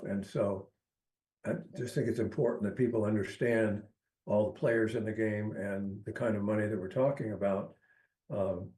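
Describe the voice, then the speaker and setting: A man giving public comment over a remote call, speaking haltingly with many fillers and restarts. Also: lowish voice. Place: joined remotely by video call. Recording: echoey, quiet remote audio.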